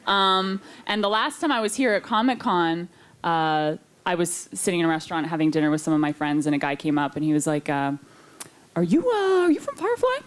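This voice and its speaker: A woman's voice: low-pitched, brisk, clean tone. A woman telling a self-mocking story on a convention panel, chatty and laughing often, into a handheld mic. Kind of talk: casual anecdote telling.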